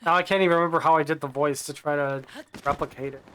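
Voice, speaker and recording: A man's voice: a little high, fairly even intonation, quick pace, fairly bright tone, slight background noise. A man chatting casually while streaming a video game, rambling and correcting himself as he plays. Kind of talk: casual live-stream commentary.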